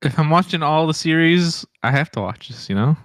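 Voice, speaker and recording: A man's voice: on the high side, animated, brisk, dry recording, studio quality. A man co-hosting a casual movie review podcast, chuckling and giving short reactions. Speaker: podcast co-host.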